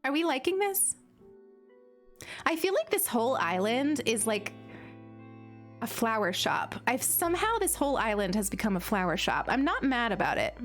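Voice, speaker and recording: Young woman streamer rambling w lots of "like"s, kinda high voice, soft game music behind. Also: big pitch swings, moderate pace. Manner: chatty, giggly, lots of "like" fillers. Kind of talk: casual chat while gaming.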